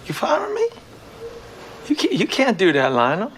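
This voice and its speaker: A frantic working man stammers and pleads to keep his job, as a man puts him on. His voice is highish and jumps around wildly, with a faint hum of room noise behind. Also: huge pitch swings, normal speed. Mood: pleading. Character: panicked male worker pleading for his job.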